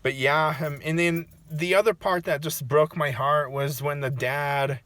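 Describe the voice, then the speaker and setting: A man in a casual personal reaction vlog, talking in an emotional, halting way and restarting his sentences. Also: on the high side, fairly even intonation, bright, forceful tone, no echo. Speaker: vlogger.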